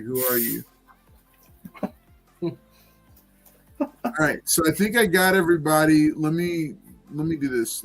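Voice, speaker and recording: A man hosting a casual livestream chat and giveaway, talking loosely with many fillers. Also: mid-range voice. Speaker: livestream host running giveaways.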